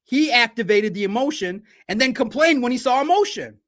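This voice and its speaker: A man's voice: very high-pitched, expressive, a little fast, fairly bright tone. A man from Detroit hosting a livestream sports podcast, talking in a blunt, combative and profane way. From Detroit, United States.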